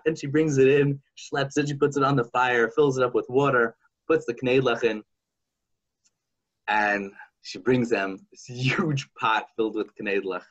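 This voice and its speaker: A man hosting a podcast, chatting casually and telling a folk story in an animated, halting way. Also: medium pitch, muffled recording. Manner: animated, halting, with many restarts. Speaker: podcast host.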